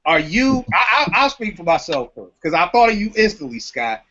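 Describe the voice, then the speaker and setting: High, animated slangy man on a podcast. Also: moderate pace, muffled recording, slight background noise. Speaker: podcast host. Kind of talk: casual hip-hop podcast chat.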